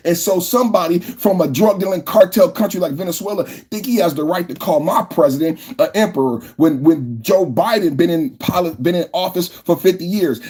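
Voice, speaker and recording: A podcast host ranting heatedly about politics, cursing often and building up to shouting. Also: male voice, fairly high pitch, slightly rough. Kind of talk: political rant.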